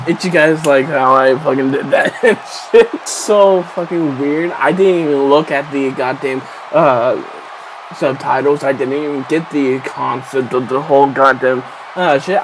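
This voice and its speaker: A man's voice: fairly high pitch, a little slow, noisy background. A man giving rambling, casual gaming commentary, swearing constantly. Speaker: gameplay commentator.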